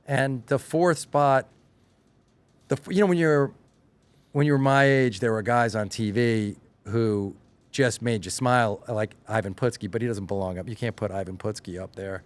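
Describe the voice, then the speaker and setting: A middle-aged showrunner from Long Island, New York, guesting on a podcast, speaks at a medium pitch and normal speed with a faint Long Island accent. In casual chat he tells stories animatedly, acting out quotes with mounting excitement.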